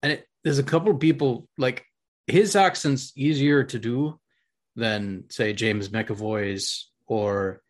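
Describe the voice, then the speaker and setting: A man's voice: medium pitch, takes it slowly. Chatty man co-hosting a podcast. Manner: chatty, rambling, laughs often. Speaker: podcast co-host. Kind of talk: casual chat.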